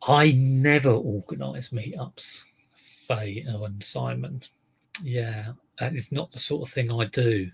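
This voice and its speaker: A man's voice: mid-range voice, takes it slowly, vocal fry, breathy edge. A man talking unhurriedly to his live-stream viewers in a rambling, chatty way.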